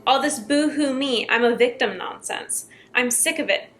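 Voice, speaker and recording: A woman's voice: high-pitched, moderate pace, a bit bright, soft background music. A woman reading out the lines of a controlling husband in a harsh, threatening tone. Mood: scolding. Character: controlling, bullying young husband.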